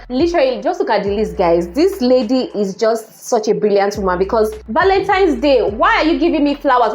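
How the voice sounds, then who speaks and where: A woman in her thirties with a Nigerian accent, chatting casually and laughing as she reads out tweets. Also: high voice. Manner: laughs often, lively and chatty. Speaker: vlogger. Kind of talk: casual commentary reading tweets.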